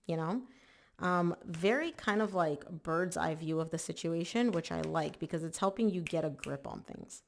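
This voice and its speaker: Gravelly-voiced chatty woman reading tarot. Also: fairly low pitch, normal speed. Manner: chatty and emphatic, lots of "like" and "oh my gosh". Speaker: tarot reader. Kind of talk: casual spoken tarot reading.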